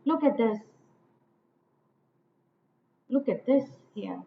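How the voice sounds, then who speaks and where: A woman lecturing on poetic meter, slow and deliberate, repeating lines and stressing each syllable. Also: on the high side, expressive, gravelly. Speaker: literature teacher. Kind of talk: poetry lecture. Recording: echoey, tinny phone-like audio with faint noise.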